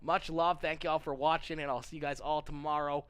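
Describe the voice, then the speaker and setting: A man's voice: on the high side, level tone, brisk, a bit bright, clear, resonant tone. A man livestreaming and chatting casually with his viewers. He rambles, jokes and repeats himself, and says he is not feeling well. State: feeling unwell. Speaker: livestreamer reading chat.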